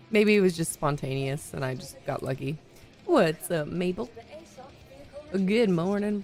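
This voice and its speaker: A chatty woman streamer with a lowish, gravelly voice that is still slightly hoarse, greeting her viewers and laughing easily. She talks into a desk mic at home, with faint music playing under her voice. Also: lively intonation, moderate pace, pauses often, a little mellow. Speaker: livestream host. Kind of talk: casual live-stream chat.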